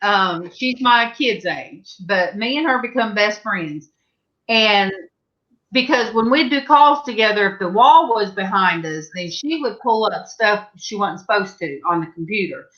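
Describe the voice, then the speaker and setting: A middle-aged woman with a Southern US accent hosts a casual panel chat, her medium-pitched, fairly bright voice unhurried as she spins rambling stories. She's a chatty storyteller, packing in fillers and restarting often. The recording sounds dull and lo-fi.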